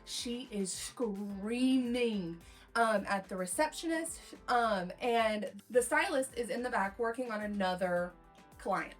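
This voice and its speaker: A woman's voice: fairly high pitch, measured pace, soft background music. A young woman hairstylist telling a client story in a casual, rambling storytime way, acting out the quotes. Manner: rambling, chatty, acts out quotes in lively voices.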